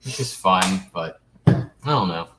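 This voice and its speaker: A man's voice: low voice, a little slow, over loud music. Laid-back man hosting a live stream. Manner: relaxed, rambling, reads viewer comments aloud. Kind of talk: casual live stream chat. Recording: echoey room with faint noise.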